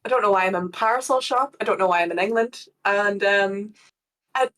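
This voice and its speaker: A woman's voice: medium pitch, fairly quick, a bit bright. A woman with an Irish accent, improvising in a tabletop game with a chatty, unsure manner. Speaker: player. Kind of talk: improvised role-play.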